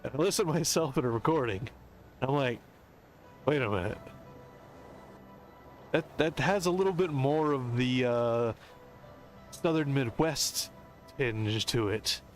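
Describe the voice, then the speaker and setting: Casual American male streamer, mid-range voice, thinks aloud in long tangents over quiet background music. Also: mid-range voice, normal speed. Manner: musing, talkative, explanatory. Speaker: game streamer. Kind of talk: casual rambling commentary.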